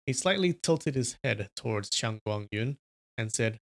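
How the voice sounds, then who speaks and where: Dude reading a wuxia novel on stream, chatting to viewers in between. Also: male voice, mid-range voice, animated, measured pace, creaky, a bit bright. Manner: casual asides to chat between reading. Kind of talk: livestream story reading.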